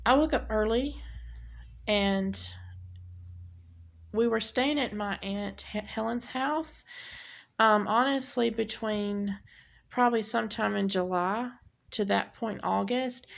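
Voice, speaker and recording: A woman giving a personal testimony, speaking haltingly with many pauses and restarts. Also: mid-range voice, vocal fry. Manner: halting, with frequent ums and restarts. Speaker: speaker sharing her testimony. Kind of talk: personal testimony, unscripted storytelling.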